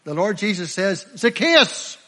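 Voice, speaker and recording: A fervent middle-aged preacher with a Northern Irish accent, his voice pitched high for a man. He leans hard on key phrases, stretching them out for weight. The sound rings with the long reverb of a large hall. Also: fairly bright tone. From Northern Ireland. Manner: fervent, emphatic, slows down to stress key phrases. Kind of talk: evangelistic sermon.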